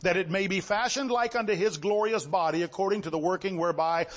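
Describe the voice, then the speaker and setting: Animated high-pitched male preacher. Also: fast. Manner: animated, swings from low reading to high exclamations; reads scripture in King James wording. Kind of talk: sermon.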